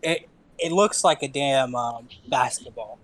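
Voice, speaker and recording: A man co-hosting in casual chat, relaxed and agreeable. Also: medium pitch, measured pace.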